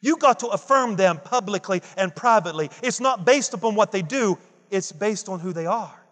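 Man preaching, high voice, emphatic repetition, long hall reverb. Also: expressive, moderate pace, a bit bright. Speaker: pastor. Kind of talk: sermon.

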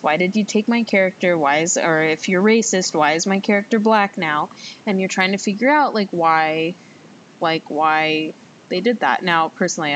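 A young adult woman with a fairly low voice rambles through a casual solo podcast. She piles on filler words and restarts, chatty and unpolished. A faint rumble sits under the recording. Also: rough recording. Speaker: podcast host.

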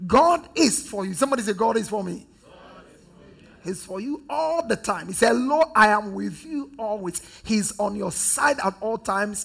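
A high-voiced pastor from Ghana preaches with fervour and leads his congregation in call-and-response. His voice is gravelly and husky, and he swings between ringing declarations and near-whispered repetition. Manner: emphatic, repetitive preaching, swings from loud to hushed.

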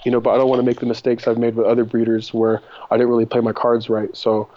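A man's voice: mid-range voice, monotone, fast, dark tone, dull audio. Profane rambling man telling a story. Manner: rambling, profane, laughs often. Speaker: podcast guest, cannabis breeder. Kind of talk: casual storytelling interview.

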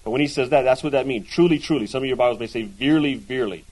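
A man teaches a Bible class to a group in a loose, conversational style, asking questions and repeatedly checking in with a quick "right?". His voice is medium-pitched and darkish, and the recording is rough.

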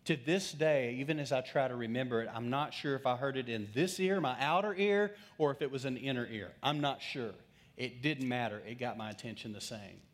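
A middle-aged pastor with a mid-range voice speaks fairly quickly as he tells a personal story during a conversational sermon. He swings between lively asides and hushed moments.

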